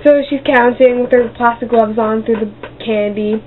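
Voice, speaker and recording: A woman's voice: on the high side, fairly even intonation, normal speed. A woman telling rambling, silly stories as a vlogger, bouncing between tangents and throwing in sound effects and goofy voices. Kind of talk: rambling comic storytelling. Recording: tinny lo-fi webcam audio with faint hiss.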